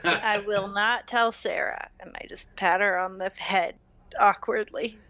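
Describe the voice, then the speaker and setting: A woman's voice: medium pitch, fairly even intonation, pushed and bright, no room sound. A woman playing a tabletop game, answering in character in an understated, slightly awkward way. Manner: slow, understated, a bit awkward. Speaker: player.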